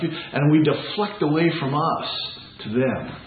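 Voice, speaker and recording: A man's voice: fairly high pitch, measured pace. A man preaching a sermon as pastor, earnest and conversational, asking the congregation rhetorical questions. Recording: echoey room, tinny phone-like sound.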